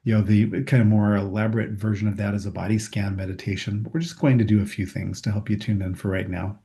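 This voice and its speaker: A man leading a group through a guided meditation, calm and gently reassuring. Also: fairly low pitch, fast, few pauses. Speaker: meditation instructor. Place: room with a group.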